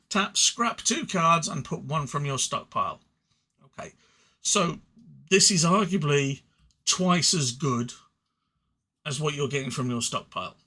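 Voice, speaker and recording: A fairly high-pitched, pushed, bright male voice comes from an Englishman with an English accent. In a casual solo review of card game cards, he rambles, puts himself down, and frequently restarts sentences with a stutter.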